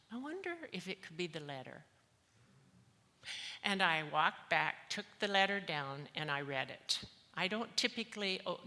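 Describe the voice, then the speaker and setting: Bright-voiced woman telling her testimony. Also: fairly low pitch. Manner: candid, emotional, storytelling. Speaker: conference speaker. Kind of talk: personal testimony talk. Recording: long hall reverb.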